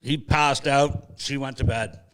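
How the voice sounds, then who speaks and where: Male podcast host, animated storyteller, jokey, mid-pitch voice. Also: measured pace, clear, resonant tone. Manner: animated, jokey anecdote telling. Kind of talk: casual storytelling chat.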